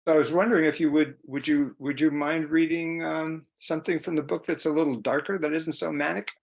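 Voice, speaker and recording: A man's voice: on the high side, little pitch movement, fairly quick, creaky. Man interviewing with searching phrasing. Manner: thoughtful, searching phrasing with many fillers. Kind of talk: conversational interview questions.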